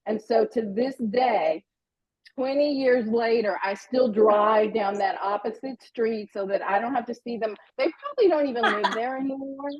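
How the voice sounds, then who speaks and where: A woman's voice: a little high, moderate pace. Middle-aged woman telling a story, lo-fi. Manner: animated, self-deprecating. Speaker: guest storyteller. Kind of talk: casual storytelling. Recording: dull lo-fi sound.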